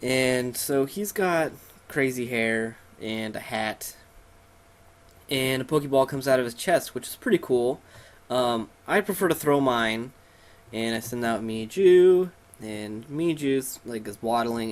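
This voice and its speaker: A man's voice: mid-range voice, expressive, a little slow. A man giving casual let's play commentary, irreverent and joking as he invents silly dialogue for the characters.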